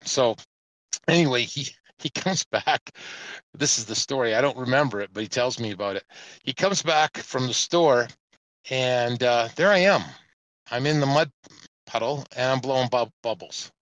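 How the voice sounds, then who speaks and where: A man, casually telling a long, animated anecdote on a podcast panel. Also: medium pitch, normal speed, no echo, low-quality recording. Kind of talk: casual storytelling chat. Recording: music playing underneath.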